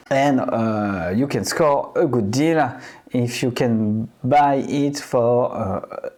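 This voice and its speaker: A man with a French accent reviewing e-readers in a vlog, speaking hesitantly with many filler pauses. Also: medium pitch, mellow.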